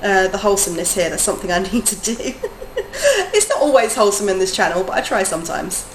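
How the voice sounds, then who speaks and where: A woman who teaches adults, chatting casually on a game live stream, talking in a chatty way, laughing often and drifting from soft to lively. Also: medium pitch, moderate pace. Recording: roomy echo, faint background noise.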